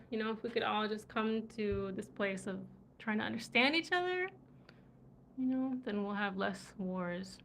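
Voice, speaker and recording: An American woman hosts a livestream from indoors in Morocco, her voice mid-range with slight background noise. Tired from travel, she chats casually and laughs often while reading viewer comments.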